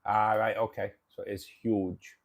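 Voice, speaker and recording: A man's voice: lowish voice, level tone, normal speed. A man from the UK with a Manchester accent, hosting a casual livestream and chatting back to viewers' comments. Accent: Manchester English. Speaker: livestream host.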